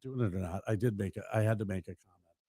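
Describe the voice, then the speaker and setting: A man's voice: fairly low pitch, fast, warm tone, husky, no room sound. A man from Minnesota, a real estate agent co-hosting a radio show in a studio, talking in an easygoing, agreeable way and trailing off mid-thought. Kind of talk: casual studio chat.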